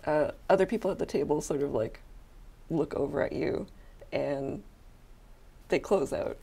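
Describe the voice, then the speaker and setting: A woman's voice: sits low, a little slow, gravelly, dark tone, husky. A woman narrating as dungeon master of a tabletop game, with frequent ums and uhs.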